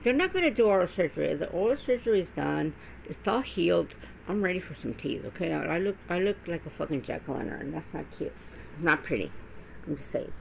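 A woman's voice: lowish voice, expressive, a little fast, gravelly, slight background noise, low-quality recording. A middle-aged woman talking straight to camera in a blunt, profane, rambling monologue full of restarts. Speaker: vlogger. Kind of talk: casual monologue.

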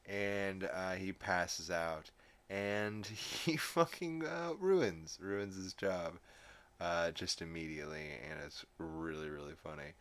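A man's voice: low voice, lively intonation, slow, a bit bright. A man hosting a podcast, casually recapping a cartoon episode with lots of fillers and swearing. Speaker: podcast host.

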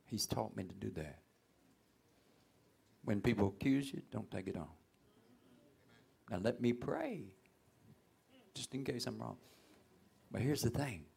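A man preaching, in a gravelly, husky voice. He talks in a folksy call-and-response way and often bursts out loud. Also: fairly low pitch, big pitch swings, unhurried, long pauses. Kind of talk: sermon.

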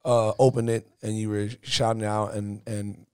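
A man's voice: on the low side, level tone, moderate pace, a little mellow, clear, resonant tone, no echo, studio quality. A man hosting a podcast interview, talking loosely and with a lot of profanity, often restarting his sentences. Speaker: podcast host. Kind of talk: casual interview chat.

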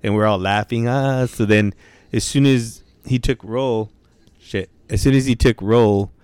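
A man's voice: mid-range voice, fairly even intonation, measured pace, a little mellow, smooth, no room sound. A young man telling stories in casual chat, with laid-back slang, heavy swearing and constant "bro" and "dude".

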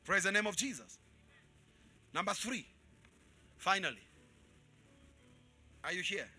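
A man preaching a live sermon to his congregation as pastor, calling out for responses and switching between shouts and quiet asides. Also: high voice. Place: church in front of a congregation.

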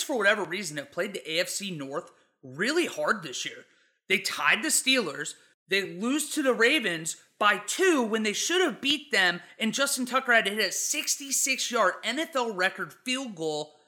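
A man's voice: high-pitched, animated, normal speed, pushed and bright. A man co-hosting a casual football show, chatty and rambling as he tells stories about the game. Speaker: sports show co-host.

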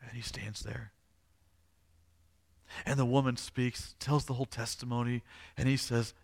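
A man's voice: medium pitch, steady tone, measured pace, creaky, pauses often. A male pastor preaching a sermon, retelling a story dramatically and repeating phrases for emphasis.

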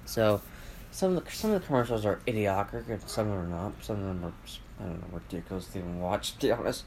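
A man's voice: lowish voice, fast talker, a little mellow. A man hosting a solo podcast from home, rambling and swearing through a casual rant full of fillers and restarts. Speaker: podcast host. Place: at home with family around. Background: faint household noise, dogs and TV.

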